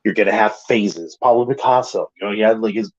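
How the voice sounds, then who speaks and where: A man co-hosting a casual review chat, rambling and excitable, often restarting his sentences and swearing. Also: on the low side, quick pace, muffled recording. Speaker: podcast co-host.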